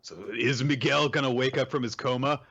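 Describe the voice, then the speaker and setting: On dull-sounding audio, a podcast co-host talks fairly quickly in a medium-pitched voice. He rambles casually and animatedly through a manga recap, using plenty of fillers.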